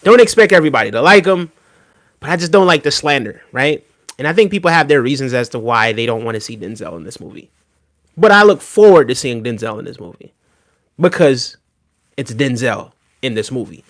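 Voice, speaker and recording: A man on a live stream reacts to a video and answers his chat in an emphatic, casual way, often ending his points with "right?". His medium-pitched voice is sing-song and fairly bright, and he talks fairly quickly.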